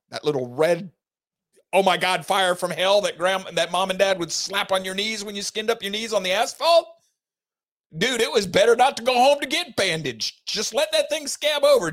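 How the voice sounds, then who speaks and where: A middle-aged man hosting an opinion talk show, folksy, preachy and emphatic, with big swings in pitch. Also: a bit bright. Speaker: host.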